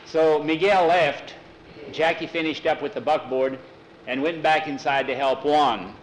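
A man's voice: on the high side, fairly even intonation, unhurried, echoey room, a little hiss or hum, poor audio. A man narrating a folk tale aloud in a conversational way, often repeating "he said" and doing the characters' voices. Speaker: storyteller.

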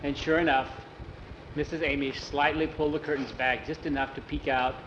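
A man telling a story aloud with animated, rambling delivery and a lot of "he said". His voice sits somewhat high, with faint background noise. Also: a little fast, roomy sound, highs cut off. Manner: animated, digressive, repeats "he said". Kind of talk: oral storytelling.

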